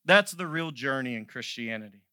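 Male pastor, sermon, bright ringing voice, dry close sound, builds from quiet asides to loud fervent peaks. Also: medium pitch, lively intonation, normal speed, no room sound. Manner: impassioned, swells from quiet to loud; conversational storytelling asides.

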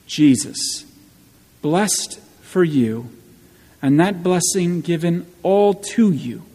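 A man preaching a sermon as pastor, slow and emphatic, with wry asides, in a church. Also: fairly high pitch, lively intonation, mellow, breathy edge. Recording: long church reverb.

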